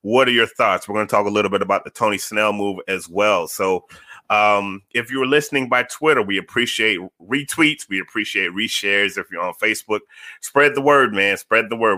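Male podcast host, low and punchy, dry close sound. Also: moderate pace, dry recording. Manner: animated, talks to chat viewers, repeats phrases for emphasis. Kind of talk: casual sports podcast talk.

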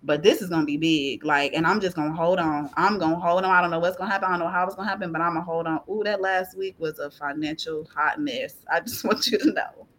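A woman guest on a podcast, sharing a personal faith testimony in an animated, laughing, tearful storytelling way. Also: fairly low pitch. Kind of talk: testimony in casual chat.

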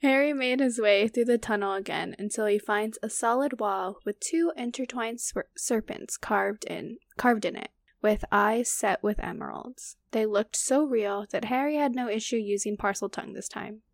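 A woman's voice: on the high side, moderate pace, vocal fry, hardly any pauses, no room sound. A woman co-hosting a casual book podcast, reading a novel aloud with small slips and asides.

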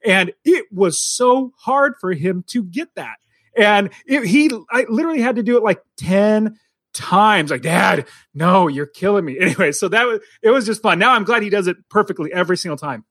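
A man co-hosting a podcast from a basement, talking casually in a rambling, halting way and laughing often. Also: high voice, animated, fairly bright tone, no room sound, clean studio sound. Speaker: podcast co-host. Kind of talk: casual chat. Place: home basement.

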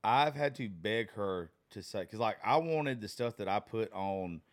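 A man's voice: on the low side, expressive, measured pace. A man in his thirties in a casual chat, rambling with lots of fillers and swearing about his daughter.

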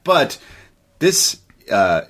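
A man's voice: medium pitch, big pitch swings, extremely slow, a bit bright. A man co-hosting a movie review chat, retelling scenes animatedly, swearing freely and slipping into quoted voices. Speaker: co-host of a movie review show. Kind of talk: casual chat.

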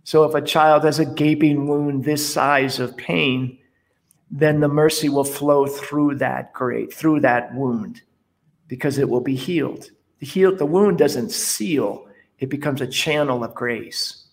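A man's voice: a little high, a little slow. A man, a priest, animatedly telling stories in an interview and acting out the dialogue. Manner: animated storyteller, acts out dialogue. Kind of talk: interview conversation.

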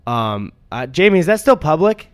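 A man's voice: on the high side, sing-song, moderate pace, dry recording. A young man co-hosting a podcast, telling rambling stories in casual chat and laughing often. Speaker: podcast co-host.

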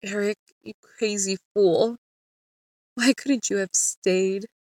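A woman's voice: medium pitch, fairly even intonation, slow pace, a little mellow, no echo, natural voice. A woman voicing a guilt-ridden man in a storybook tale, crying out and pleading with a raised voice.

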